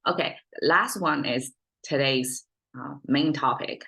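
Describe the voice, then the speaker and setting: A woman's voice: deep voice, slow, gravelly, a bit bright. A Chinese-born woman with a Chinese accent, a language teacher explaining her native tongue off the cuff, thinking aloud with frequent fillers and restarts. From China. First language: Mandarin Chinese. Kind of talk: unscripted explanatory lesson.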